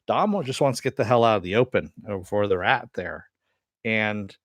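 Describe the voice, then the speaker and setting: Male reviewer, lower register, dry booth sound; loose conversational recap full of fillers. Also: moderate pace, no room sound. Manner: rambling, many "you know" and "uh" fillers. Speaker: TV episode reviewer. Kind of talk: casual episode recap.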